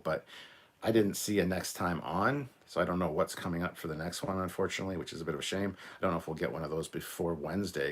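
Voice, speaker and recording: A Canadian man in his forties, hosting a casual live reaction stream, rambling with many ums, reading chat aloud and apologizing for a cough. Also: low-pitched. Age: 40s. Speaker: livestream host.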